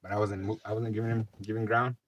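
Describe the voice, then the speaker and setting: A man's voice: lowish voice, level tone, fast talker, muffled recording, a little hiss or hum. A middle-aged man hosting a livestream, telling rambling stories in casual chat, cursing freely. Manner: rambling profane storytelling. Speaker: livestream host. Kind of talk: casual late-night chat.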